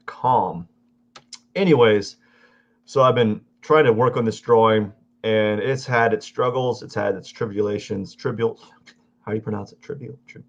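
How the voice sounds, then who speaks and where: A live-stream artist with a mid-range voice and vocal fry chats casually to his stream while drawing at home, rambling and correcting himself as he goes. The recording is dull lo-fi audio.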